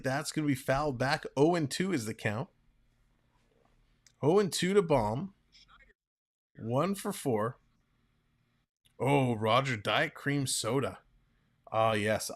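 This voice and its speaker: A man calling a ball game play-by-play on a live stream, chatting and reading viewer comments between pitches. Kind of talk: casual play-by-play with chat reading.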